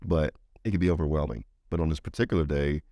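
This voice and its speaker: Deep-voiced animated male storyteller. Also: fast, no room sound. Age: middle-aged. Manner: animated storyteller, acts out quoted voices higher. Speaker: veteran advocate guest. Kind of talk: storytelling interview talk.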